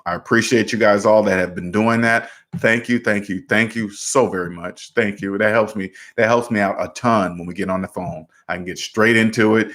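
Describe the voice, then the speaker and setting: A man's voice: fairly low pitch, steady tone, normal speed, fairly bright tone. A man hosting a livestream, answering viewer questions about debt in a direct, emphatic way and often repeating words. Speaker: debt advice host.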